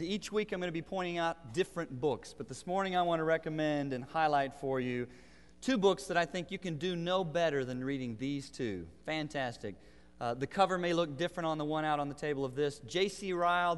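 A man's voice: on the high side, clean tone. A man in his thirties, a pastor, preaching a sermon in an earnest voice that builds to emphatic declarations. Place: church sanctuary. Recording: long reverb of a large hall.

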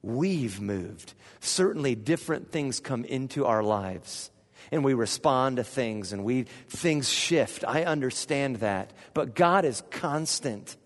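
A man preaching a sermon as pastor, animated, asking the congregation questions and swinging from hushed to loud. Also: medium pitch, takes it slowly. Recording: long reverb of a large hall.

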